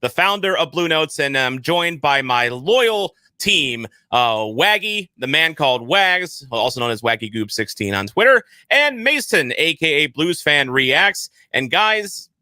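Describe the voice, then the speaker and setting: Lively, bright-voiced male podcast host. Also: a little high, measured pace, dry recording. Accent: St. Louis. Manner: rambling, self-deprecating, stumbles and repeats words. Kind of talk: casual podcast chat.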